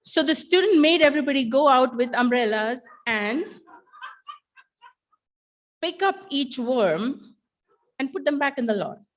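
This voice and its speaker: A middle-aged woman giving a keynote talk, a teacher telling a story with wry humor and dramatic pauses. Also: high-pitched, expressive.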